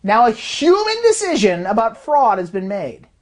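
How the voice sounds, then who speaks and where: A woman who designs fraud detection systems explains in an animated way and acts out quoted voices as she goes. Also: a little high, moderate pace. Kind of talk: explanatory talk.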